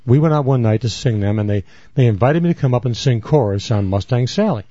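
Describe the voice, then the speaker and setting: A man's voice: mid-range voice, expressive, fast, warm tone, muffled recording, slight background noise. A man co-hosting a podcast, rambling through stories and repeating himself as he acts out scenes. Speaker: podcast co-host. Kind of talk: casual banter and storytelling.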